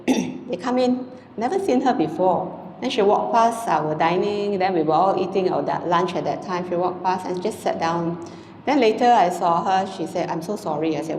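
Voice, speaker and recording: A Buddhist nun, giving an informal, conversational dhamma talk to a congregation, often adding "you know" and "ah". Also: female voice, on the low side, slight background noise. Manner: conversational and gentle, frequent "you know" and "ah" tags. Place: temple hall. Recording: echoey hall with long reverb, faint ambience.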